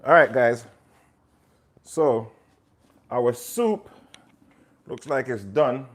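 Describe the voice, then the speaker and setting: In a home kitchen, a man with a mid-range voice hosts a live cooking stream, speaking very slowly. He chats with viewers as he cooks and now and then slips into patois.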